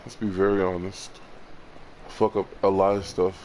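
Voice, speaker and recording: A man records an emotional confessional vlog, plainly frustrated and upset. His low voice halts and circles back over the same words, with swearing mixed in. A faint hum of ambience sits behind him. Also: little pitch movement, a little mellow. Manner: halting, repeats words, swears. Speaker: vlogger.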